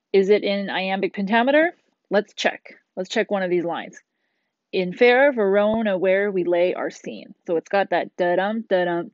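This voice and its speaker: A woman's voice: mid-range voice, darkish tone, dry recording. Middle-aged teacher woman, dull dry recording. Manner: chatty, explanatory, with casual asides. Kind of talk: recorded classroom lesson. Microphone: tablet screencast voice-over.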